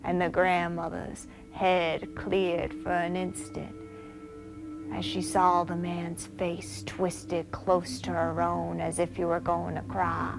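A woman author reading her own story aloud in a slow, deliberate way. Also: lowish voice, completely flat delivery, gravelly, music in the background.

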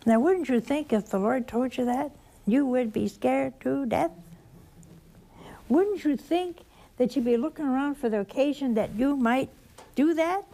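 A woman with a Southern accent preaching a sermon, telling the story slowly and animatedly, dropping at times to a soft whisper. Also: high voice.

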